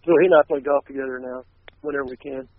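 A man as a radio guest, telling relaxed stories in a soft-spoken way. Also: medium pitch, racing, no echo. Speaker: guest musician. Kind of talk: casual radio interview. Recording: dry, tinny phone line.

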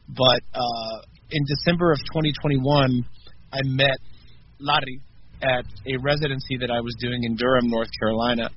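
A man of medium pitch talks as a musician on a radio interview. He is reflective and soft-spoken, often hesitating mid-thought. The sound is a bit muffled, with faint background noise. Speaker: musician guest. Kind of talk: casual interview.

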